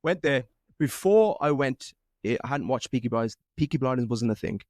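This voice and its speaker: Lively Black Country podcast host. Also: male voice, mid-range voice, normal speed, no room sound, clean studio sound. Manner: lively, teasing, laughs often. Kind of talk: casual podcast chat.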